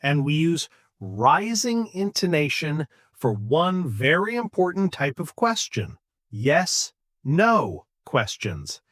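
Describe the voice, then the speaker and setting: A man co-hosting a podcast for English learners, explaining intonation slowly and clearly and acting out examples. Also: a little high, very animated, fairly bright tone, dry recording, studio quality. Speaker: English teacher, podcast co-host. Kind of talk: scripted English lesson.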